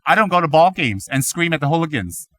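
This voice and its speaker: A man giving a Buddhist teaching, animated and full of rhetorical questions, now and then mimicking other people's voices. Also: a little high, fast, no echo. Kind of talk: dharma talk.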